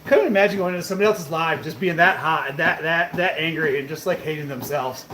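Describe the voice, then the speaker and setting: Speaking fast in a pushed, bright voice on the high side, a fitness streamer takes viewers' questions on his live stream. He keeps it laid-back, cursing freely and calling them bro and brother, in an echoey room with faint background noise.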